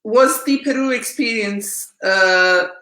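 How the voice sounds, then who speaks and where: A woman's voice: mid-range voice, slow pace. Woman hosting a live chat, asks questions, reads out comments, roomy echo on her mic. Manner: warm listener, reads viewer comments aloud. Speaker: host of a live online chat show. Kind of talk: casual interview. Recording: echoey room.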